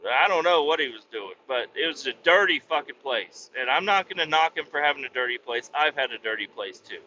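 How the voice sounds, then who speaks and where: A man's voice: mid-range voice, sharp tone, dull audio, slight background noise. A man hosting a podcast who tells a story in a casual comic way, rambling, sarcastic and full of swearing. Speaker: podcast host.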